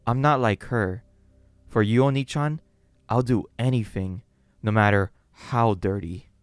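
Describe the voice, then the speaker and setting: A man's voice: fairly low pitch, unhurried, no room sound, natural voice. A man voicing an obsessive gothic lolita woman who scolds sweetly and menacingly. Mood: doting menace.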